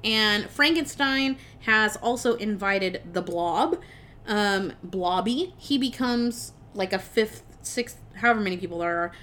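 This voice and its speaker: With a mid-range voice and a slightly slow delivery, this young woman co-hosts a podcast and runs through a film's plot. She's animated, curses liberally, and laughs throughout the retelling.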